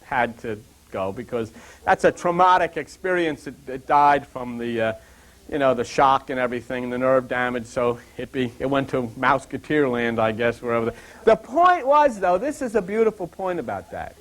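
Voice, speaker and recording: In a mid-range voice at normal speed, an older Bible teacher gives a rambling talk. Animated and digressive, he drifts off into funny stories from his own life.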